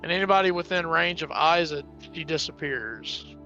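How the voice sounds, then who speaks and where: A man playing a tabletop game who takes over as villain, gloating slowly. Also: fairly high pitch, pushed and bright, highs cut off, soft background music. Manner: slow, gloating delivery. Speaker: player taking over as villain. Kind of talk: tabletop role-play.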